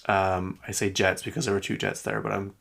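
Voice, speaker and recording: A podcast host, a man with a low, gravelly voice, talks through pop-culture gossip in a loose, rambling way. He restarts often and leans on fillers, sounding opinionated and mildly exasperated as he makes his points. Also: little pitch movement, fairly quick, a bit bright. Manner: rambling, heavy use of "like" and restarts. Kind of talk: casual pop-culture chat.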